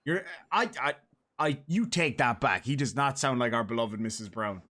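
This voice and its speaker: A man's voice: medium pitch, moderate pace. A man with a Dublin Irish accent, trading jokes and slang in casual banter as co-host. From Ireland. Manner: animated, jokey, swears freely. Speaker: podcast co-host.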